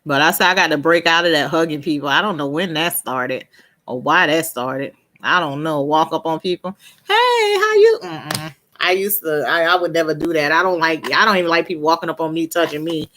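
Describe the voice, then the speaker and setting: A woman chats casually on a live stream, laughing often and reading out viewers' comments by name before answering them. Her low voice is steady, pushed and bright, and she talks fast, often trailing off and starting her sentences over.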